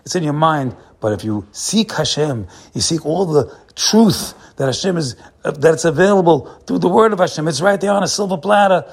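A man's voice: a little high, expressive, moderate pace, vocal fry, husky. A man giving a short inspirational sermon, talking straight to his listeners and repeating his points with emphasis. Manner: emphatic, repetitive, addresses listeners directly. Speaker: rabbi giving a daily talk.

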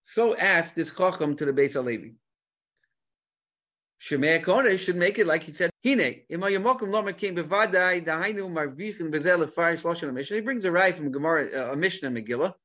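A man giving an animated Talmud lecture, mixing Hebrew terms into English and asking rhetorical questions. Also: fairly high pitch, highs cut off. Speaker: Torah teacher.

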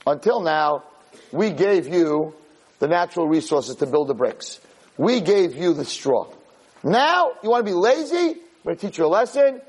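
A man's voice: fairly high pitch, expressive, unhurried, darkish tone, husky, long reverb tail. A man voicing Pharaoh as a scornful, scolding king during a sermon. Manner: taunting, scolding. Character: scornful ancient male Egyptian king, harsh taskmaster.

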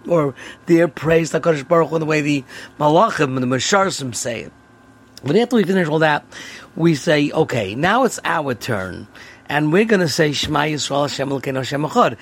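A man hosting a daily prayer lesson, explaining terms in a relaxed teaching manner. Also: fairly high pitch, breathy edge. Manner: explanatory, sprinkled with Hebrew and Yiddish terms. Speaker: host.

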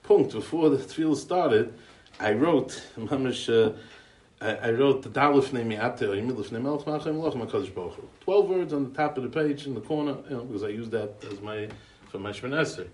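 Speaking fairly quickly in a mid-range, slightly mellow voice, an American man gives an expressive eulogy made of chatty anecdotes. His English is full of Yiddish and Hebrew yeshiva terms, and he rambles with restarts and chuckles. The recording is roomy, from a distant mic.

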